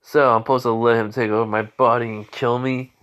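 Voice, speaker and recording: A man's voice: mid-range voice, flat delivery, fairly quick, fairly bright tone, dull audio, close to an everyday voice. A man voicing a psychotic teenage boy killer who speaks in cold, mocking taunts. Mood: disgusted.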